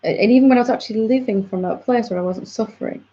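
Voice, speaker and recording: A woman's voice: a little high, rapid-fire, dark tone. A woman spiritual teacher patiently explaining to a student in a reflective satsang dialogue. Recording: dull lo-fi audio.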